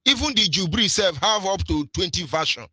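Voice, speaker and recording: A man with a Nigerian accent delivers fiery political commentary on radio, his voice pitched slightly high and strikingly sharp and forceful. He preaches, hammering rhetorical questions with a sing-song lilt. The sound is close and dry, with no room around it. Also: animated, normal speed, no echo. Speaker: radio presenter.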